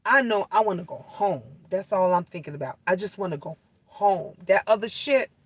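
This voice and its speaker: A middle-aged woman tells viewers a story in a casual, animated way. She curses freely and repeats lines for emphasis. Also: mid-range voice, normal speed, slightly rough, no room sound, poor audio. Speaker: vlogger.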